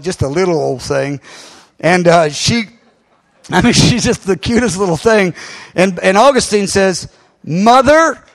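A male pastor telling a story to his congregation, animated, with many fillers and restarts and sudden loud bursts. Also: on the high side, creaky. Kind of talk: sermon storytelling.

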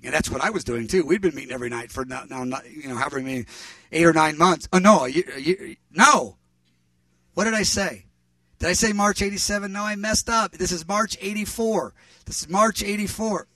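A man preaching, telling a story in an animated, rambling way and correcting himself as he goes. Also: on the high side, fairly quick, no room sound, distant mic. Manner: rambling, animated, self-correcting with fillers and restarts. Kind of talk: sermon storytelling.

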